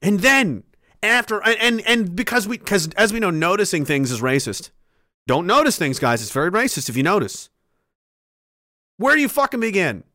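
A livestream host delivering an angry, swearing rant, dropping to a low sneer and then rising to loud shouts. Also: male voice, expressive, normal speed, no room sound, studio quality. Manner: heavy swearing, repeated hammering phrases.

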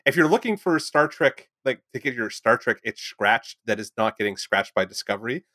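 A young man co-hosting a casual podcast, excitable and rambling, swearing freely. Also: mid-range voice, normal speed, no echo. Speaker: podcast co-host.

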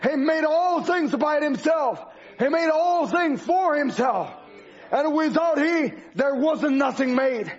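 Preacher, male, very high-pitched, driving repetitive sermon delivery, muffled lo-fi audio. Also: expressive, slow pace. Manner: emphatic, repetitive preaching cadence. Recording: dull lo-fi recording.

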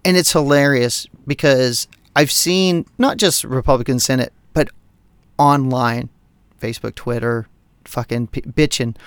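A man co-hosting a podcast, ranting about politics in a heated, profane, animated way. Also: mid-range voice, a little slow, clean tone, dry recording. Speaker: podcast co-host. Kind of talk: casual political rant.

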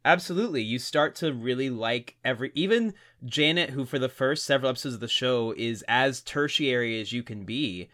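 A podcast co-host chatting about a show he clearly loves, full of animated fan gushing. His tone is bright and mid-pitched. The pace is relaxed and conversational. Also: a little fast, hardly any pauses. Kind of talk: casual podcast chat.

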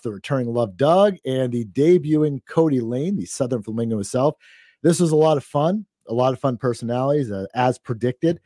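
Male podcast co-host, warm and mellow, easygoing recap delivery, dry close mic. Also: medium pitch, dry recording. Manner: relaxed, chatty, many fillers and laughs. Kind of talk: casual wrestling recap chat.

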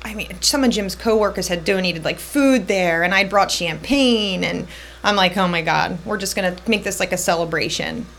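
A woman's voice: fairly low pitch, fairly bright tone. Woman in her thirties telling her own story. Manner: tells her story in quick, looping bursts, voicing others in her quotes. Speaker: guest. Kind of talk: personal storytelling in a podcast interview.

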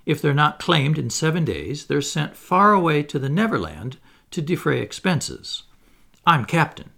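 A man's voice: on the high side, very animated, measured pace, gravelly, bright, forceful tone, pitched above the performer's own voice, heavily acted. A man voicing Peter Pan, cocky playful boy. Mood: cheerful. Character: boastful, cheerful boy who never grows up.

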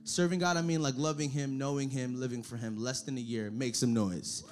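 A young man preaching to a young adult church group, energetic and repetitive, often calling out for the crowd to answer. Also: mid-range voice, brisk. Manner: energetic, repetitive, calls for audience response. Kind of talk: sermon.

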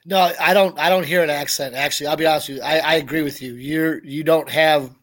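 A man with a notably high voice chats on a podcast co-host mic. He talks quickly and loosely, circling back over his words as he makes a point. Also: fairly even intonation, a bit bright. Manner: quick, chatty, repeats himself. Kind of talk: casual podcast chat.

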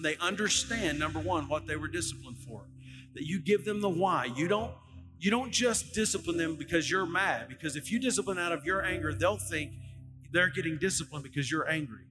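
A middle-aged male lead pastor preaching a sermon, telling stories and acting out quotes with animation. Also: fairly high pitch. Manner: animated storytelling, acts out quotes loudly. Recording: long hall reverb, faint music.

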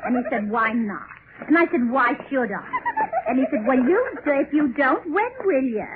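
A woman's voice: sits high, lively intonation, moderate pace. An actress playing a giggly, chatty young woman gossiping in an old-time radio drama. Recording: tinny lo-fi old radio recording with noise.

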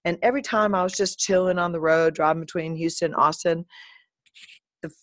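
A middle-aged woman speaks in a lowish voice, chatting straight to her audience as a vlogger. Her story is lively and animated, full of asides and the odd playful swear word. The recording is close and dry, with no room sound. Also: a little fast, no room sound. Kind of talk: casual talking-to-camera monologue.

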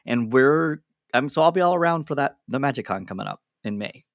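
A man's voice: medium pitch, expressive, brisk, no room sound, studio quality. A man guesting on a casual podcast interview, chatty and laughing, often restarting his sentences. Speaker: psychologist. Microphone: lapel mic.

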